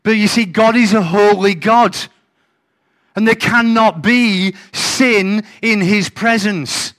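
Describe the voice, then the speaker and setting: A man's voice: high voice, slow pace, fairly bright tone. A man preaching a sermon, conversational and emphatic, with rhetorical questions. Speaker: pastor.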